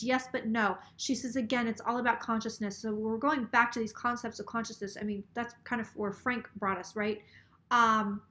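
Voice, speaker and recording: A woman's voice: a little high, a bit bright. A woman psychic on a casual live stream, a little tipsy, relaying a spirit's words in a rambling, swearing way. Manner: rambling, swears freely, quotes the spirit aloud.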